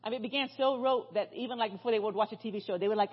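A middle-aged woman, a guest speaker, gives a storytelling sermon in a church, talking very fast in a slightly high, husky voice with the highs cut off. She tells stories chattily, full of fillers and restarts.

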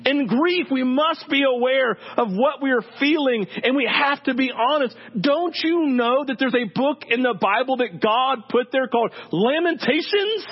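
High-voiced pastor, animated joking sermon. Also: male voice, moderate pace, few pauses, slightly rough. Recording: dull sound with faint hum.

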